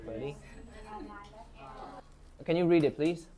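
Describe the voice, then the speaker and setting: A man's voice: on the high side, slow, dark tone. A man teaching an English class, asking students questions and modeling phrases for them to repeat. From Myanmar. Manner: encouraging, asks questions, models phrases for repetition.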